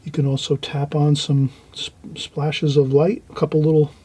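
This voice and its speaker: A man with a husky, mellow voice guides viewers through a watercolour painting. He talks gently and repeats his advice, often dropping into soft, murmured asides while he works the brush. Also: fairly high pitch, level tone, moderate pace. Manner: gentle, repetitive instructing, trailing off into quiet asides while painting. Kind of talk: painting demonstration.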